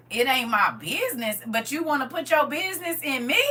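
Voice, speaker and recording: A woman's voice: high voice, expressive, brisk, few pauses, pushed and bright. A middle-aged woman on a podcast, blunt, sassy and emphatic, giving frank relationship opinions in casual chat.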